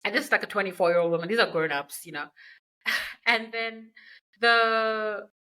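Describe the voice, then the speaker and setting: A woman's voice: medium pitch, steady tone, normal speed, pushed and bright, low-quality recording. A woman hosting a podcast, retelling a book's plot in a chatty, slangy way with asides. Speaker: podcast host. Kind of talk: casual book recap.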